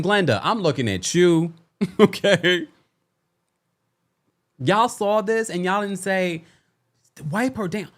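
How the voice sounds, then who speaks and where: A man hosting a recap show, in casual commentary that is animated and exasperated, with laughing asides. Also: fairly high pitch.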